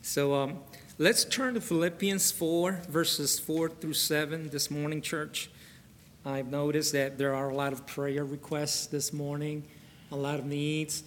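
A middle-aged pastor, a man with a somewhat raised voice, preaches in a folksy, chatty way. He slows down to read scripture and prays with fervour. His voice rings out with a long reverb through a large church hall. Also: fairly high pitch, fairly even intonation, fairly bright tone, a little hiss or hum. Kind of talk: sermon. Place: church sanctuary.

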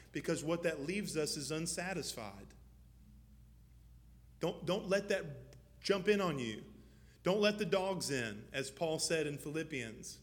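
A man preaches as pastor inside a church, his sermon building from quiet, measured instruction to loud and fervent exhortation.

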